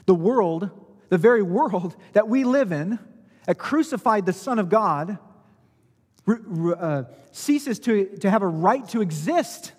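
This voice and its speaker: Husky-voiced pastor preaching in a reverberant hall. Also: male voice, sits high, lively intonation, unhurried. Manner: conversational, explains by analogy, swells in emphasis. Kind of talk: expository sermon.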